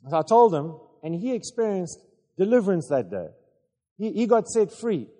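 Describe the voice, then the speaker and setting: Male preacher, higher voice, animated halting storyteller, big hall reverb. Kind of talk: storytelling sermon.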